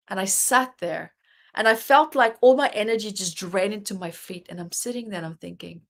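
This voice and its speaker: A woman's voice: medium pitch, brisk, fairly bright tone. A woman guest, an author and life coach, earnestly telling a personal story in an interview and acting out her own inner dialogue.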